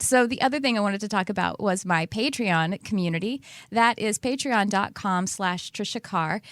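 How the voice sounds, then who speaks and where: A woman's voice: mid-range voice, a bit bright, no room sound, studio quality. A woman hosting a spiritual podcast in a casual, chatty way, rambling and often laughing at herself. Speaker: podcast host.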